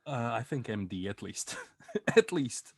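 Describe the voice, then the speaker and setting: A man co-hosting a podcast, telling a story in a casual, animated way, swearing and laughing as he goes. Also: medium pitch, takes it slowly, gravelly, crowd noise. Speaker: podcast co-host.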